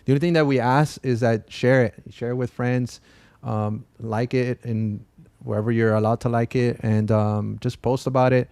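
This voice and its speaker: A man's voice: mid-range voice, fairly even intonation, moderate pace, gravelly, a little mellow, dry recording. A man co-hosting a casual podcast, talking in a loose, rambling way with many restarts. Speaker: podcast co-host. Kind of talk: casual chat.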